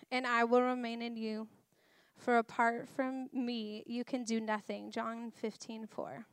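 A woman in her thirties giving a chatty, animated personal testimony to a church crowd, laughing as she tells stories. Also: fairly high pitch, vocal fry, clear, resonant tone, dry recording, studio quality. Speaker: speaker at a church.

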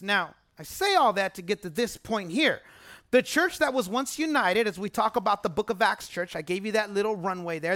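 A man's voice: sits high, pushed and bright, no room sound. Male pastor preaching, chatty but emphatic, repeats himself for effect, dry close sound. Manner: emphatic and conversational, repeats phrases, asks the congregation for responses. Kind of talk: sermon. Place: church service.

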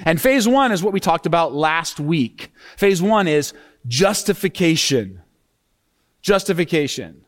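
A man preaching a sermon as pastor, lively and expressive, acting out tones when he quotes scripture. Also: fairly high pitch, a little slow. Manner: animated preaching, acts out sarcastic tone when quoting scripture.

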